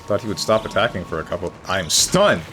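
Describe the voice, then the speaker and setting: A man streaming a game, talking in a dry, low-key way to his chat, with sudden high yelps when he gets hit. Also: very animated, brisk. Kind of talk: casual gameplay commentary. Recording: game music behind the voice. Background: faint game music.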